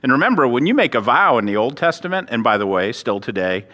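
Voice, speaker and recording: At a quick pace and medium pitch, a man delivers an expository sermon as pastor, animatedly voicing the characters and dropping self-deprecating asides in a conversational style. The hall is reverberant.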